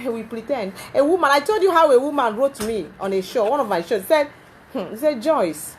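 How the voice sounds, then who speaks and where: A woman hosts a talk show from a TV studio. Her delivery is emphatic and animated, and she often repeats words as she presses her points. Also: on the high side, a little hiss or hum.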